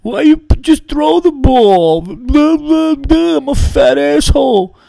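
A man putting on the voice of a dumb, loud male sports fan with a slice of pizza, griping in an outraged, profane whine. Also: extremely high pitch, animated, slow, creaky, dry recording, faint music behind, voice pushed up, exaggerated voice.

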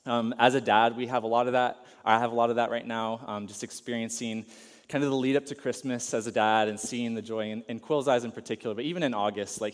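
A man in his thirties preaching a casual, enthusiastic sermon, telling a personal family story with many fillers. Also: medium pitch. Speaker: pastor. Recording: long hall reverb.

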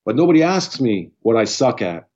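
A man's voice: mid-range voice, big pitch swings, brisk, darkish tone. Guy talking casually, swears a lot, trips over his words, mid voice, kinda muffled audio. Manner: blunt, profane, restarts sentences a lot. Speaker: podcast guest. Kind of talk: casual chat.

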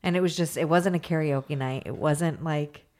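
A young adult woman co-hosting a podcast, sleepy and yawning, talking in a halting way with many fillers. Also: low-pitched, a little mellow. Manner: halting, filler-heavy, apologetic. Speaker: podcast co-host. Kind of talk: casual chat.

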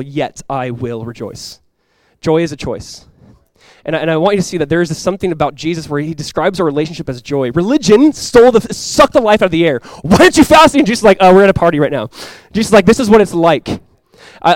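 A young male preacher rushes through his sermon in a slightly high voice, conversational and laid-back, with "like" filling his sentences. His volume ranges from quiet earnestness to loud excitement. It's a dry recording made close to the microphone.

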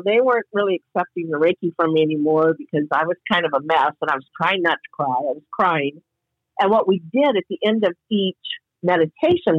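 A woman's voice: fairly low pitch, no room sound, highs cut off. A woman guest telling a reflective personal story in casual podcast talk, heard over a call. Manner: earnest, reflective, spiritual storyteller.

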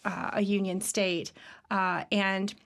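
A woman's voice: medium pitch, little pitch movement, slow, creaky, a bit bright. A middle-aged woman from Virginia speaks unhurriedly in a casual podcast conversation. She is chatty, laughs easily and leans on fillers as she measures her words.

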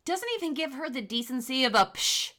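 Young female co-host, bright and punchy, very expressive pitch, exasperated ranting chat. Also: brisk. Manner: animated, swears freely, exasperated rants. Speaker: podcast co-host. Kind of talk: casual chat recapping a reality show.

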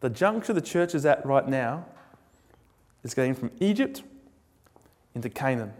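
A man preaching a sermon in a casual, joking, animated storytelling way. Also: mid-range voice, normal speed. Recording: echoey hall with long reverb.

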